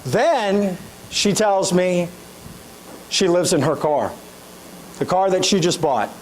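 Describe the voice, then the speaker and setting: Speaking slowly in a high voice, a middle-aged keynote speaker tells motivational stories with animation and addresses the audience directly. The poor-quality recording carries a little hiss or hum.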